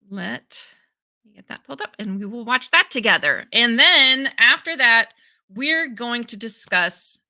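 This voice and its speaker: A woman's voice: fairly high pitch, pushed and bright. A woman hosting a live stream, chatting casually and greeting her viewers by name. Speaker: livestream host.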